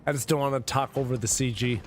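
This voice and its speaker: A man's voice: mid-range voice, steady tone, quick pace, slight background noise. A drunk man streaming a story game, rambling, swearing and chatting with his viewers. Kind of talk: casual let's-play commentary.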